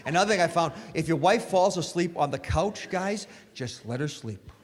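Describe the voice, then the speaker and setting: A man doing a stand-up comedy set at a live venue, telling self-mocking stories in an animated way. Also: on the high side, normal speed. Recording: live stage with hall reverb, faint noise.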